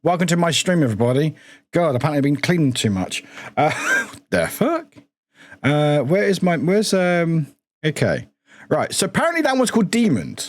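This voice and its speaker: A man's voice: on the high side, huge pitch swings, moderate pace, a little hiss or hum. A young British man chatting casually on a live stream, scattered and swearing, with lots of restarts.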